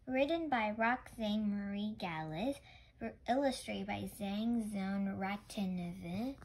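Slow, gentle woman reading a bedtime story. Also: medium pitch, slight background noise, low-quality recording. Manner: gentle, careful, small misreadings. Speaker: storybook reader. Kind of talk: read-aloud children's story.

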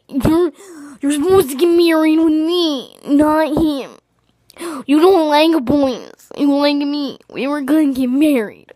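A woman putting on a jealous young woman who wails and shouts in mock tears. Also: high-pitched, no echo, clean studio sound. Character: shrieking jealous young woman, sobbing and furious.

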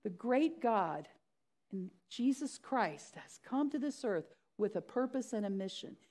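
A woman's voice: on the high side, lively intonation, a little slow, a little mellow. A middle-aged woman pastor preaching a sermon, acting out the story's voices with animation.

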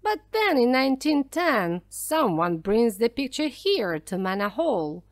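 A woman's voice: a little high, sing-song, measured pace, no echo, clean studio sound. Billy Bones, a woman voicing a proud ghost pirate. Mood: storytelling.

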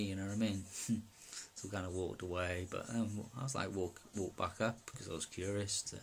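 Gravelly low-voiced man, rambling. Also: steady tone. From Wales. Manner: halting, full of fillers and asides. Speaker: personal testimony speaker. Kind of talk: rambling first-person recounting.

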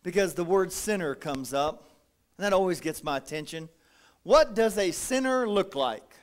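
A man preaching a folksy, animated sermon as pastor, acting out little quotes. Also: sits high, moderate pace.

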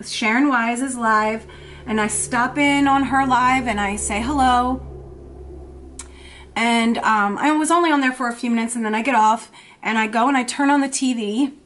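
Anxious woman vlogger, halting and emotional. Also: on the high side, a bit bright, a little hiss or hum. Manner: halting, emotional storytelling with many fillers and restarts. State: shaky, anxious. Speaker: beauty vlogger. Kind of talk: confessional makeup vlog.

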